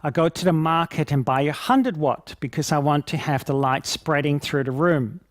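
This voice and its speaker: A man teaching Reiki at a conference, telling stories in a lively, laughing way and acting out scenes as he talks. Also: a little high, moderate pace, no room sound, studio quality. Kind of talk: conference talk with anecdotes.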